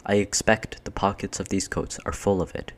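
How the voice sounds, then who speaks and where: A man's voice: on the low side, fairly even intonation, moderate pace, lightly acted. A man voicing a sensible, practical older girl, speaking in a lifted, reasonable way.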